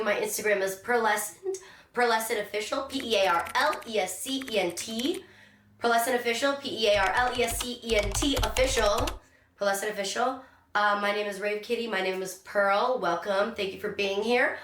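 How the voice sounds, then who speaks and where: A woman's voice: fairly high pitch, distant mic, background noise. Gushing young woman, echoey room. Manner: gushing and effusive. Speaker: vlogger. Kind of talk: excited unboxing chat.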